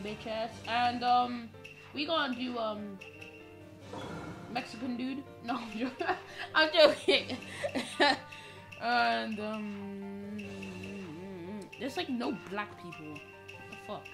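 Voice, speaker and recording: A young man giving profane, excitable trash-talk commentary over his gameplay, breaking into sudden shouts. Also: very high voice. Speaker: gaming channel host. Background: game music.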